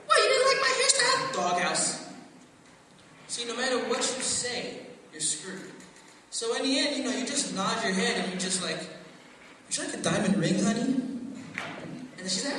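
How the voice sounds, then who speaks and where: A man doing a stand-up comedy practice set, telling stories and acting out other people in high voices. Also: sharp tone. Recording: roomy echo, far from the mic, noisy.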